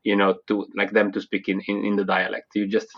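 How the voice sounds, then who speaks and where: A man from southern Italy speaks English with an Italian accent, pitched a little low. He talks in a halting, casual way full of fillers and restarts. The recording sounds dull and lo-fi. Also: monotone, gravelly, slightly rough. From Italy, small town near Naples. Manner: hesitant, many fillers and restarts, laughs often. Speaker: guest. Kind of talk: casual interview chat.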